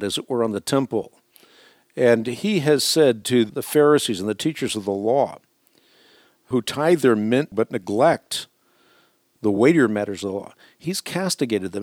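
A man's voice: medium pitch, no echo, clean studio sound. A man hosting a radio Bible teaching show, explaining scripture with emphatic, rising stress on key words.

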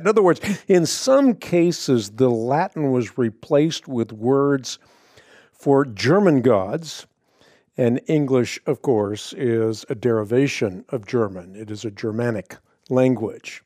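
A middle-aged man hosting a radio Bible question program, explaining an answer in a measured way with pauses. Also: medium pitch, animated, dark tone, dry recording, clean studio sound.

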